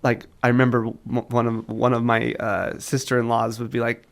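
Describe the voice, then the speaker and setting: A man's voice: mid-range voice, flat delivery, normal speed, vocal fry. A man in his thirties, a father, chatting casually on a podcast and acting out quotes as he tells family stories. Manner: chatty storyteller, laughs often, acts out quotes. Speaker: podcast co-host or guest, father. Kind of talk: casual chat.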